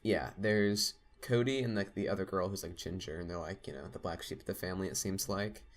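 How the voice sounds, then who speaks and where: A man's voice: low voice, brisk. A young man telling a long story in casual podcast chat, rambling with lots of fillers. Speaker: podcast co-host.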